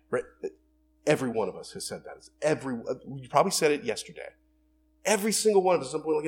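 A man preaching a sermon in a conversational, animated way, asking rhetorical questions and acting out everyday quotes. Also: mid-range voice, brisk, a little hiss or hum. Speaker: pastor.

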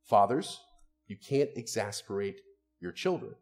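A man's voice: fairly low pitch, animated, a little slow. A man, a pastor, preaching an earnest, conversational sermon and asking his listeners rhetorical questions.

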